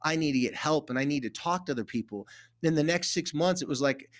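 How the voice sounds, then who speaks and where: Middle-aged male therapist guest, casual and animated, voice a touch high. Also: quick pace. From California. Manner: animated, acts out quoted dialogue. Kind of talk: casual conversational storytelling.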